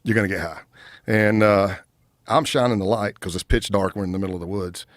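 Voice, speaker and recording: A man in his fifties, a retired undercover agent and podcast guest, telling a story in an animated way and acting out what the other people said. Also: on the low side, a little fast, no room sound, clean studio sound.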